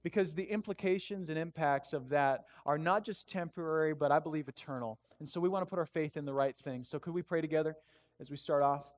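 A man preaching a sermon as pastor in a church, telling stories in an animated, self-deprecating way. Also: on the high side, fast talker, hardly any pauses. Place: church sanctuary.

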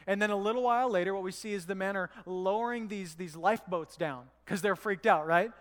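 High-voiced pastor in a reverberant church. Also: male voice, fairly quick, fairly bright tone. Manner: conversational, storytelling with acted quotes. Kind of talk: sermon.

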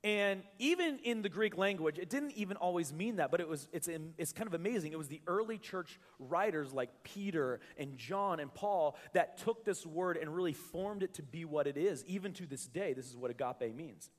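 A man's voice: fairly high pitch, expressive, normal speed, hardly any pauses. A male pastor preaching a sermon to his congregation in a conversational, joking way, often restarting his words. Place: church hall with a live congregation. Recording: reverberant church hall.

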